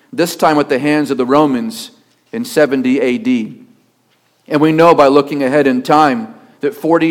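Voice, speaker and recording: A male pastor preaching a sermon with emphatic delivery, rhetorical questions and steady repetition. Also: fairly high pitch.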